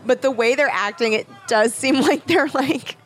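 A woman chatting casually as she watches a film with a friend, reacting with groans and quick comments. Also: sits high.

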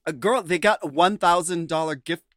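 A man's voice: fairly high pitch, moderate pace, a bit bright, no room sound, studio quality. A man co-hosting a casual recap podcast, rambling with lots of "like" and "um". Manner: rambling, full of fillers like "like" and "um". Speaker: podcast co-host.

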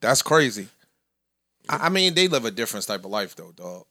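Podcast co-host dude, bright voice, dry close sound, keeps hammering his point. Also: fairly low pitch, sing-song, brisk, dry recording. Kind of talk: casual podcast banter.

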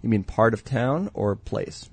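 A man's voice: fairly low pitch, lively intonation, creaky, slightly rough. A man co-hosting a radio show, chatting easygoingly in casual comedic talk. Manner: easygoing, quick agreeing replies. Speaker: show regular, co-host. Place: radio studio.

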